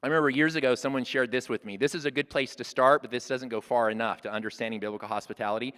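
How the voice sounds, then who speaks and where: A man's voice: medium pitch, fairly even intonation, racing, a bit bright, clean tone. Earnest man in his sixties, echoing hall. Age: 60s. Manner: earnest, plain-spoken, restarts phrases. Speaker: church workshop speaker. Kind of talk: conversational teaching talk. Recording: long reverb of a hall.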